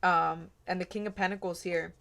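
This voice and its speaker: A woman's voice: lowish voice, steady tone, moderate pace, creaky, fairly bright tone, a little hiss or hum. A woman giving a casual tarot reading, earnest and rambling, with many fillers. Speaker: tarot reader.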